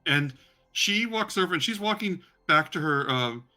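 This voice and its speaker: A man's voice: on the high side, expressive, normal speed, bright, forceful tone, faint music behind. A man narrating as game master of a tabletop role-playing game, in a loose, chatty way full of fillers.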